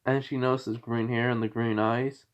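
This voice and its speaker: A man casually retelling a fan-fiction story in a rambling, halting way, with lots of fillers and restarts. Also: medium pitch, little pitch movement, muffled recording.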